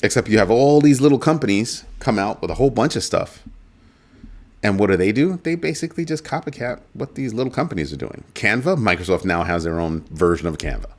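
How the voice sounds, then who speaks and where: A man's voice: lowish voice, expressive, brisk. A man hosting a casual talk show, telling a story and mimicking a coworker with emphatic asides. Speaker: host. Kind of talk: casual chat.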